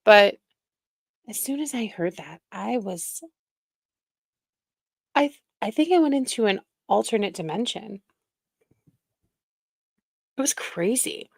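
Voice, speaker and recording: A woman's voice: mid-range voice, lively intonation, slow, vocal fry, long pauses, slightly rough, dry recording. A woman hosting a reaction stream, commenting sarcastically on clips with frequent laughter and insults.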